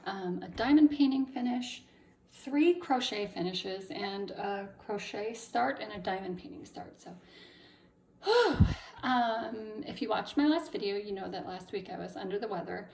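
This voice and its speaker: A crochet vlogger shows off her crochet and craft finishes in a casual show-and-tell vlog, chatty with frequent ums while still recovering from laryngitis and a lingering cough. Her mid-range voice is gravelly and darkish at normal speed, with a little hiss or hum.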